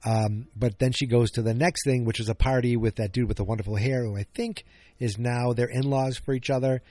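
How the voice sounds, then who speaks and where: In a brisk, fairly even voice of medium pitch and darkish tone, a man hosts a podcast and recaps an episode. He is casual and rambling, often fixing what he just said and cracking jokes. There is no echo.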